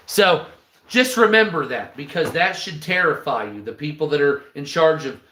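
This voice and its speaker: A man hosts a live stream and rants, rambling and mocking with plenty of profanity. His voice sits a little high and sounds bright and forceful. The room around him is echoey. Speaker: live stream news host. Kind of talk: ranting live stream commentary.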